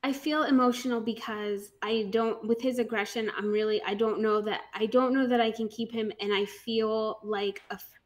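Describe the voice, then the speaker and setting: A woman with a fairly high voice, chatting on a live stream. She rambles and gets emotional, breaking into laughs and sighs as she talks. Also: fairly even intonation, normal speed. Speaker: co-host. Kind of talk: casual chat on a live stream.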